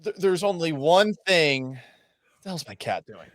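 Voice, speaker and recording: A man's voice: on the high side, moderate pace, no echo. Profane, self-mocking sports radio man. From Massachusetts. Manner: self-deprecating, profane, animated anecdotes. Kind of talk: casual storytelling in a podcast interview.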